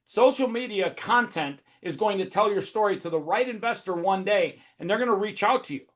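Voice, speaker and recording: A man hosting a webinar, talking in a profane, high-energy, emphatic way. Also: animated, fairly quick, a bit bright. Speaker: host. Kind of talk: casual webinar talk.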